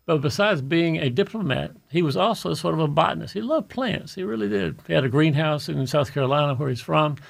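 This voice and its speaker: A man hosts a radio garden show. He tells stories in a folksy way and puts on the voices of the people in them. His voice is gravelly and sits a little high for a man. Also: lively intonation, fairly quick, hardly any pauses. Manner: folksy storyteller, acts out quoted people. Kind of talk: radio talk show chat.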